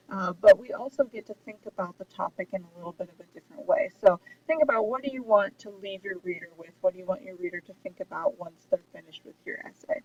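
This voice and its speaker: Explaining essay writing in a steady recorded lesson, this woman instructor fills her speech with ums and uhs. She has a medium-pitched, slightly mellow voice, and a distant mic gives a dull sound with faint hiss.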